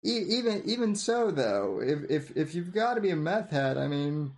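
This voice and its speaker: A man in casual podcast chat, halting and repeating words as he talks. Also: on the high side, very animated.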